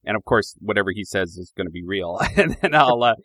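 A man's voice: on the low side, lively intonation, quick pace, bright, forceful tone, no room sound. A man co-hosting a casual podcast, often chuckling as he runs a quiz. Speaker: podcast co-host.

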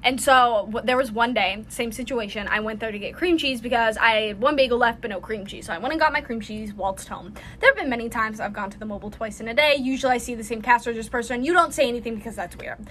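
A young woman co-hosting a podcast in casual chat, talking quickly and laughing often. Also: a little high, a bit bright, slight background noise. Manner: fast-talking, giggly. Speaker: podcast co-host.

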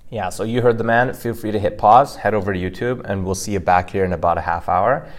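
A man's voice: on the low side, fast talker. A man co-hosting a language-learning podcast, explaining Mandarin pronunciation casually with frequent fillers. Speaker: podcast co-host teaching Mandarin.

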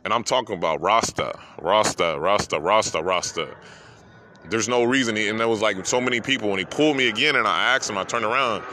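Deep-voiced guy podcasting, choked up, rambly, sharp bright tone, car noise behind. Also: fairly quick. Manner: heartfelt, rambling, repeats phrases. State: holding back tears. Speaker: podcast host. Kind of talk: emotional personal monologue.

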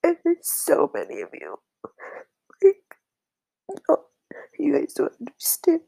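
A young woman vlogger talking to her viewers in a tearful, halting way, with a blocked, nasal voice and many pauses and fillers. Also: extremely high pitch, wildly swooping pitch, gravelly, mellow, poor audio. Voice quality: congested, nasal. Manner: halting, whispery and hesitant, full of fillers. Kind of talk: emotional personal talk to viewers.

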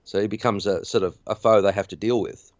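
A man's voice: on the low side, fairly even intonation, brisk, dry recording, dull audio. A man hosting a podcast, recapping a film in a chatty, rambling way. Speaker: podcast host. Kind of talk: casual film recap chat.

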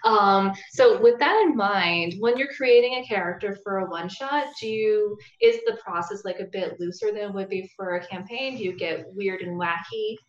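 A woman hosts a podcast, asking upbeat questions in a casual tone. Her voice sits at a middle pitch. The recording is roomy and slightly dull. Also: moderate pace, hardly any pauses. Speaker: podcast host. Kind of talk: casual chat.

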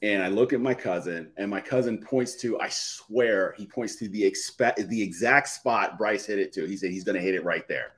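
A man's voice: lowish voice, moderate pace, hardly any pauses, a bit bright. A middle-aged man from the Philadelphia area, a podcast guest telling a personal story in a live chat, repeating and restarting phrases.

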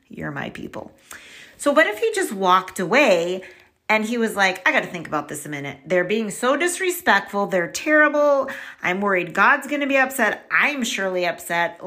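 A woman podcast host retelling a story in a casual, chatty way and talking straight to her listeners. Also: fairly high pitch. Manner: chatty, animated, addresses listeners directly.

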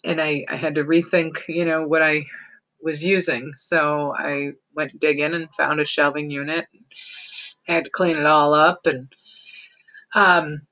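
A woman's voice: sits low, little pitch movement, a little slow, pushed and bright, low-quality recording. A woman telling a personal story in a casual, rambling way, chuckling often between phrases.

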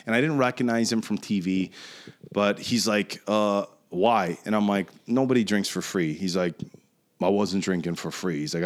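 A man in his forties on a casual podcast telling a profane, animated story. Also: lowish voice. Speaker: podcast host.

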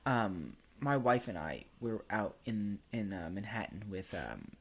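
A man's voice: fairly low pitch, sing-song, a little slow, breathy edge. A young man chatting on a podcast, his voice swooping up and down as he tells crude, rambling stories. He breaks into laughter often and talks loosely. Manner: crude, rambling storyteller who laughs a lot. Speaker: podcast host. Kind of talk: casual podcast chat.

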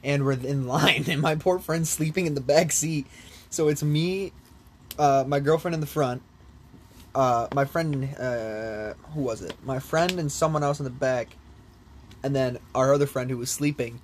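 A young man in casual chat, telling a long story in an animated way with lots of swearing and laughter. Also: medium pitch, measured pace. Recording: faint background noise.

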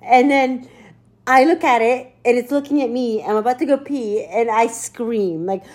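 A woman co-hosting a podcast, telling a funny story in casual chat, animated, laughing and cursing as she goes. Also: fairly high pitch, moderate pace. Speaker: podcast co-host.

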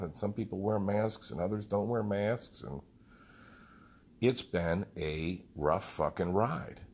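A man's voice: lowish voice, darkish tone, a little hiss or hum. A man who leads a group fitness program, telling a rambling, heartfelt story with some swearing. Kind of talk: casual storytelling monologue.

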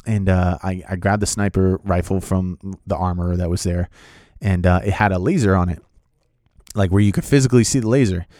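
Guy telling a story about being on set, kinda low voice, excitable and rambling, lots of ums, dry sound. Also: brisk, no room sound. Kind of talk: casual anecdote.

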